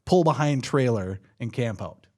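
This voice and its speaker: A man's voice: mid-range voice, lively intonation, normal speed, mellow. A man hosting a casual podcast about movies, who laughs often and gets emphatic when he rants. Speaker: podcast host.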